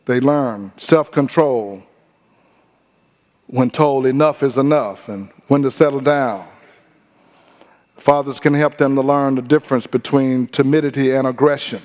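A man preaching a sermon in a lively, humorous way, acting out other people's voices now and then. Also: medium pitch, measured pace, long pauses. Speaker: pastor.

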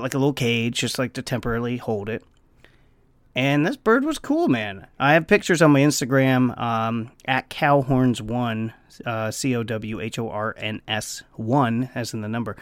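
A man casually telling a story on his vlog. He swears freely and breaks into squeaky bird noises. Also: clean tone, dry recording, clean studio sound. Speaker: vlogger.

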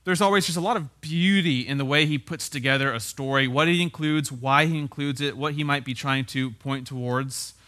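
Bright-voiced male pastor preaching casually. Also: mid-range voice, steady tone, moderate pace, hardly any pauses. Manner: casual and wry, with frequent "right?" tag questions. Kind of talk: conversational sermon.

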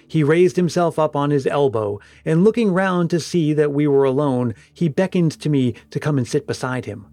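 A man reading a ghost story aloud in a steady, grave narration. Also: fairly high pitch, normal speed, faint music behind.

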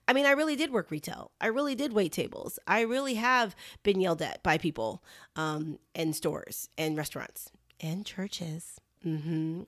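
A middle-aged woman with a lilt talks straight to her listeners, earnest and candid, calling them "you guys." Her voice is recorded dry and close, with no room sound around it, and her pitch sits at an ordinary middle height for a woman. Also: a bit bright, no echo. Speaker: vlogger giving encouragement. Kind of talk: casual heartfelt talk to camera.

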